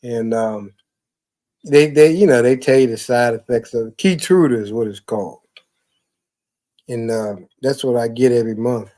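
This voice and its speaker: A man's voice: medium pitch, moderate pace, pauses often, mellow. A man telling loose, profane stories in casual chat, rambling with fillers and laughing often. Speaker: podcast talker.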